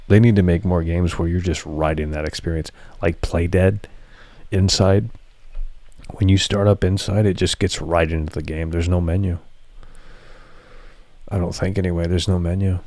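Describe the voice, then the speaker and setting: Gravelly low-voiced man streaming. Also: fairly even intonation, moderate pace, warm tone, no echo. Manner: profane, rambling, talks to chat. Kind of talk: casual livestream chat.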